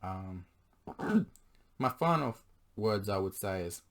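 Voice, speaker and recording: A hoarse man who is losing his voice speaks in an earnest, pleading monologue aimed at his partner. He keeps stopping to clear his throat. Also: on the low side, lively intonation, slow. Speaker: vlogger addressing his partner. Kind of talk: confessional monologue to camera.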